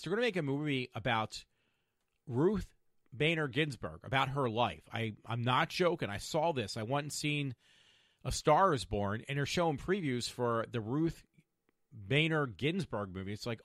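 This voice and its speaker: A man's voice: medium pitch, animated, moderate pace, fairly bright tone, no room sound. A man in the middle of his range talks through a solo podcast, opinionated and rambling, stopping often to correct himself. His voice sits close to the mic in a dry, dead room. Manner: rambling, opinionated, self-correcting with many fillers. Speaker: podcast host.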